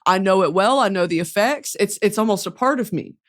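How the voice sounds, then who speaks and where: A woman's voice: mid-range voice, lively intonation, brisk. A young woman hosting a comedy podcast, dramatic and swinging between mock outrage and giggles. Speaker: podcast host. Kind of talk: comedic chat.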